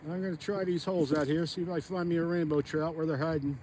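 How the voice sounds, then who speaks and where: A man with a slightly higher voice chats casually as he ice fishes on a frozen pond, thinking out loud and wandering between thoughts. He is recorded outdoors on a phone camera, with a faint hiss of noise behind him. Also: fairly even intonation, fast talker. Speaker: fishing vlogger. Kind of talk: casual narration while ice fishing.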